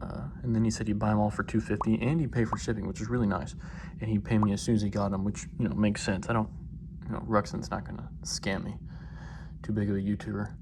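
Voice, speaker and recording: A man's voice: fairly low pitch, level tone, fast, creaky, noisy background. A man vlogging as a card collector, telling a story casually in a rambling, laid-back way and correcting himself as he goes.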